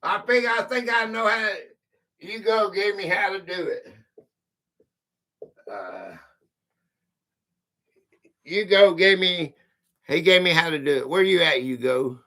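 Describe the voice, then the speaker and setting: A high, bright-toned man with a Southern US country drawl hosts a casual live quiz stream. He talks unhurriedly, bantering with his chat and reading out trivia questions, and he sits a bit back from the microphone. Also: slow pace, pauses often, far from the mic. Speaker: quiz livestream host.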